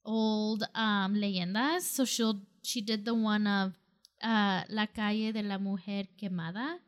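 A woman's voice: medium pitch, steady tone, unhurried. A woman co-hosting a casual podcast chat, talking loosely with lots of fillers and easily spooked. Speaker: podcast co-host.

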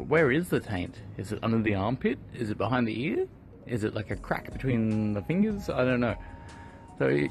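A man in his thirties hosts a rambling podcast, cracking jokes and playful sarcasm as he walks through his small garden. He keeps his voice a little hushed, and faint music hums underneath. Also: mid-range voice. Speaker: podcast host. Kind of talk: casual podcast monologue. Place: home garden outdoors.

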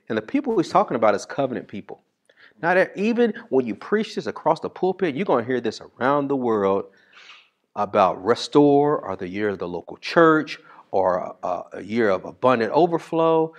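A pastor preaches with a swooping, animated voice at a middle pitch. He talks to his congregation in a loose, conversational way, calls out questions, and stretches out scripture slowly. He jumps between sudden loud bursts and near-whispered asides. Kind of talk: sermon.

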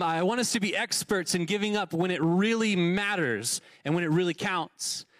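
High-voiced man preaching a casual sermon. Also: fairly bright tone, no room sound. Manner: conversational, repeats words, rhetorical questions. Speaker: pastor. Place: church sanctuary.

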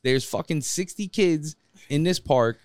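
A man's voice: fairly high pitch, lively intonation, unhurried, a little mellow, no echo, clean studio sound. A man co-hosting a podcast in a loose, casual chat, telling stories with frequent laughter and acting out the people in them. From New York. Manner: laughing often, acts out voices in his stories. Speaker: podcast co-host.

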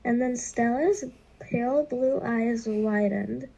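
A woman with a gravelly, husky, mellow voice reads a children's novel aloud. She takes it slowly and deliberately and stumbles now and then. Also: on the high side, fairly even intonation, poor audio. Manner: slow, deliberate reading with occasional stumbles. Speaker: reader.

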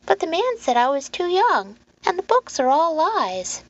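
A woman's voice: extremely high pitch, very animated, measured pace, pitched above the performer's own voice, exaggerated voice. A woman voicing an eager young boy who pleads to read grown-up books. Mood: pleading. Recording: muffled lo-fi recording, faint hum.

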